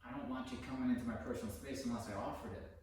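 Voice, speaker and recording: A man working as a dog trainer, explaining his methods casually during a session and breaking into high, excited praise for the dog. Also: racing, distant mic, a little hiss or hum. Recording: echoey room, voice from off the mic.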